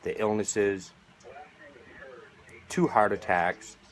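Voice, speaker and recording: This vaping advocate from the United States, a middle-aged man, addresses the camera with sarcasm and indignation as he appeals to viewers. He pitches his voice fairly low and draws out his words.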